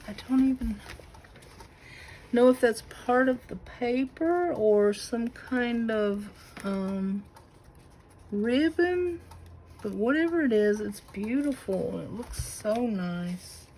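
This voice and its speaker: A woman with a Southern US accent showing a crafted notebook to her camera at home, gushing with admiration and slipping into breathy asides. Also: on the high side, slow pace, dark tone, slight background noise, rough recording. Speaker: craft channel host. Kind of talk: casual unboxing show-and-tell.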